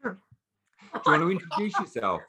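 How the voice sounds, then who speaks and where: A man's voice: a little high, wildly swooping pitch, measured pace, noisy background. A man hosting a podcast in casual chat, chatty and teasing, often restarting his sentences. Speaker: podcast host.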